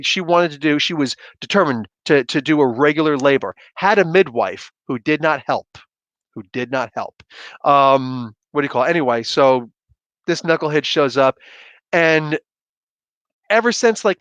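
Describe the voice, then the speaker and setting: A man's voice: a little high, moderate pace, a bit bright, no room sound. A man hosting a casual livestream chat, telling a story in a blunt, rambling, ranting way with lots of fillers. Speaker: host. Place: home livestream setup.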